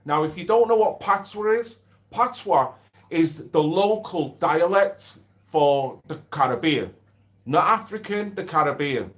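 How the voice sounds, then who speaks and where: A middle-aged man talks casually on a home livestream. His voice sits a little high for a man, and he speaks bluntly and swears freely. He reads out and answers viewer comments as he goes. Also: slow pace. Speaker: livestream host.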